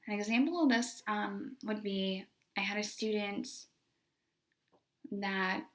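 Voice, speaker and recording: A woman's voice: mid-range voice, slow, a bit bright. Chatty young woman telling a story. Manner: conversational, many fillers like "like" and "you know". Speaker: special education teacher. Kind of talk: casual storytelling monologue.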